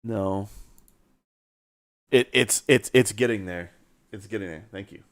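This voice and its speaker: A man working as a content creator, dictating scene descriptions in a halting way with fillers and pauses, then chatting casually. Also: lowish voice, dry recording, clean studio sound.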